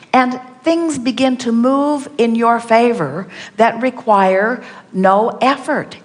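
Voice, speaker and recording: A woman giving an inspirational seminar talk, speaking as "we" and repeating her points with emphasis. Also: mid-range voice. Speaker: speaker answering audience questions. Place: large hall with audience. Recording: long hall reverb.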